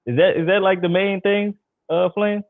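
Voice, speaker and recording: A man's voice: high voice, fairly even intonation, moderate pace, no room sound. A man co-hosting a podcast in casual chat, laid-back and repeating his questions. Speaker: podcast co-host asking questions. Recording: tinny phone-like line.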